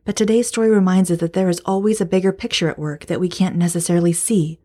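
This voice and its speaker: A woman's voice: fairly low pitch, fairly even intonation, quick pace, mellow. A woman hosting a Bible study podcast, reading scripture and teaching devotionally. She speaks to her listeners as friends and sometimes drops to a whisper for emphasis.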